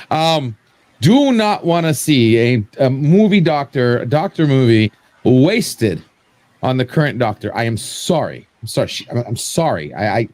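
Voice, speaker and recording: Man, panel guest, rambling rant, stumbling restarts, mid pitch. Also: darkish tone, no room sound. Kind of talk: live-stream panel chat.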